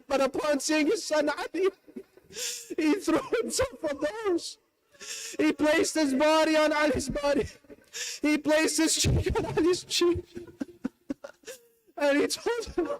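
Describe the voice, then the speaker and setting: A male preacher tells a mourning story in a strikingly high voice. He speaks with fervent grief, and his voice cracks into weeping as he builds the lament. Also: low-quality recording. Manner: impassioned, lamenting, voice breaking into sobs. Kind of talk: mourning sermon narration. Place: mosque gathering.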